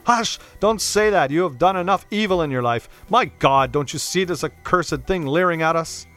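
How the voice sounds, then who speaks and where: A man's voice: moderate pace, bright, forceful tone, faint music behind. A man reading aloud, voicing an anguished older male painter who pleads and exclaims in a raised voice. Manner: high, urgent, exclaiming.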